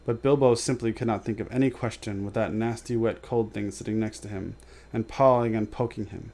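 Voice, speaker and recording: A man reading a storybook aloud as a storyteller, steady and measured, with offhand asides. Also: fairly low pitch.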